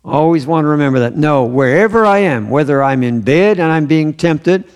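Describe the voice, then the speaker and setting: A man's voice: a little high, animated, normal speed, clean tone. A man preaching a sermon in a church, earnest and emphatic, repeating his key phrases. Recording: long hall reverb.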